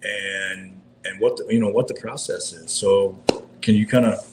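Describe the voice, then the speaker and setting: A man's voice: lowish voice, fairly even intonation, moderate pace, a little mellow. Enthusiastic man hosting, echoey room. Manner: enthusiastic, repeats himself, laughs often. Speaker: interview host. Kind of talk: casual interview chat. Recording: echoey room with faint noise.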